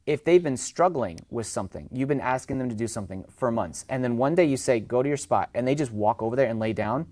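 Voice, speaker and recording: A man's voice: medium pitch, lively intonation, fast talker, few pauses, a little mellow, no room sound. Chatty man, dry close sound. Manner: chatty, acts out owners and dogs in raised voices. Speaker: dog trainer guest. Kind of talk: casual podcast conversation.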